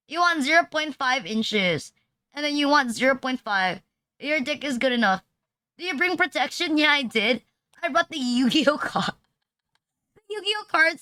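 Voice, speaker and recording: A woman VTuber chats loosely with her live audience, her voice high and bright. She rambles through crude, mocking jokes, leaning on "like" at every turn. The sound is close and dry, with no room around it. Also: no echo. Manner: rambling and crude, heavy filler "like"; mocking, teasing banter with chat. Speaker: VTuber streamer. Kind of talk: casual livestream chat.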